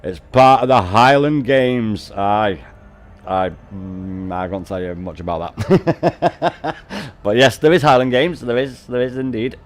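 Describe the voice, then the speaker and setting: A man's voice: mid-range voice, steady tone, measured pace. A man, chatting casually on a game stream, swearing constantly and laughing often as he banters with his viewers. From North West England.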